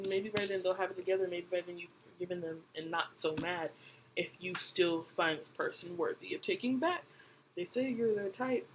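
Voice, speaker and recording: A woman reads tarot cards for her viewers in a loose, chatty way and talks to them directly. She circles back over the same points again and again. Her pitch sits mid-range, and a clear hiss with clicking runs under the whole recording. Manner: chatty, repeats herself, speaks to viewers directly. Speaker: tarot reader. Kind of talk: casual tarot reading monologue. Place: home.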